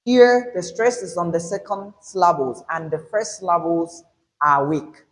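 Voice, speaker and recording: Slow, deliberate male English teacher. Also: sits high, poor audio. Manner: slow, deliberate explanation with emphasized example words. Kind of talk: classroom pronunciation lesson.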